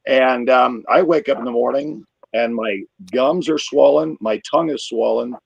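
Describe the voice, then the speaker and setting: A man telling a crude, rambling stand-up story, getting loud when he acts himself out. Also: medium pitch, normal speed, creaky, husky, no echo, highs cut off. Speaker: comedian. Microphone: video call.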